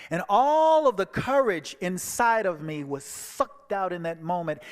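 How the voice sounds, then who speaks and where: A man giving a personal testimony as a guest speaker, telling his story and acting out the dialogue, moving from hushed passages to soaring ones. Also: high-pitched, sing-song, unhurried, hardly any pauses. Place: church sanctuary. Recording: long hall reverb.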